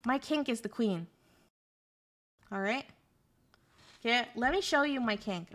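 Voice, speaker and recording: Young female streamer, casual and sarcastic, bantering with chat in a fairly high voice. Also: animated, slow pace, long pauses, a bit bright. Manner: sarcastic, joking, answers chat.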